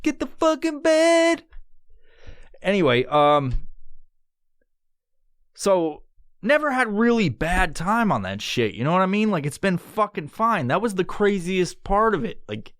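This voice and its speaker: A man's voice: high-pitched, unhurried, no room sound, clean studio sound. A man hosting a podcast, telling a casual story full of swearing and acted-out quotes. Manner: profane, animated, acts out quotes. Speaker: podcast host.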